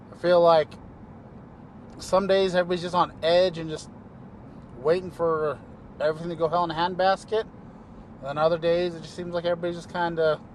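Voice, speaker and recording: A man's voice: a little high, slight background noise. A man, a paramedic, talking loosely to camera from his car, trailing off often with fillers. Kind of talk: casual vlog monologue. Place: inside a car while driving.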